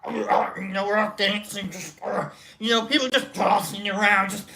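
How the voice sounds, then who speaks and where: A show host telling a long, rambling story in a casual way and acting out scenes with shouts. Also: medium pitch, moderate pace, heavy background noise.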